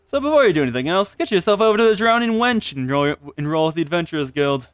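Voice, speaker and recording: A man doing a brisk friendly town guide. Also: fairly high pitch, sing-song, clean tone, no echo. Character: friendly townsman guiding a newcomer. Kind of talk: reading game dialogue aloud.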